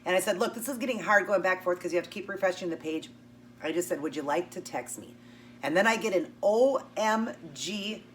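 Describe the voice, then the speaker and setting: A woman's voice: lowish voice, fairly bright tone. Lady vlogger spinning a long story, acting out the dialogue, mic a bit far off. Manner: chatty, acts out both sides of the dialogue. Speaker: keto vlogger. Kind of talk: casual storytelling while eating. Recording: distant mic with faint hum.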